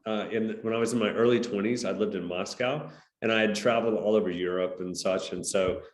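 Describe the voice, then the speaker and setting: A man from the United States, a guest entrepreneur on a podcast interview, talking in a relaxed, conversational way. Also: lowish voice, a little fast. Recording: roomy echo.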